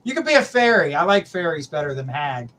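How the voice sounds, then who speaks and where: Speaking briskly and with lots of animation, a middle-aged man runs a live psychic reading stream, his fairly high, fairly bright voice backed by slight background noise. He's chatty and affectionate with viewers, addressing them as honey and sweetheart.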